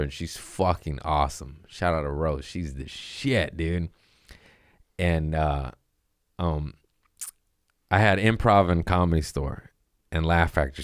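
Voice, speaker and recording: A man's voice: a bass voice, smooth, no echo, clean studio sound. A male comedian hosting a podcast, telling stories in a loose, profane, casual way and acting out the lines of the people in them. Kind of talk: casual storytelling monologue.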